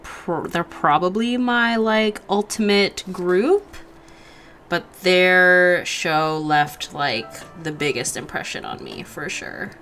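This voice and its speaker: Brief: young woman streamer, lowish voice, chatty and giggly, faint music behind. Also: slow, fairly bright tone. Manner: chatty, giggly, lots of fillers, reads chat aloud. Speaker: art livestream host. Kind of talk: casual chat while drawing.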